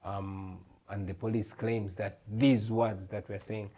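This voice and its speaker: A man's voice: fairly low pitch, flat delivery, slow, mellow. A man in his thirties from Uganda, an earnest, emphatic guest in a TV studio interview. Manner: earnest, emphatic, repeats words. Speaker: guest, musician.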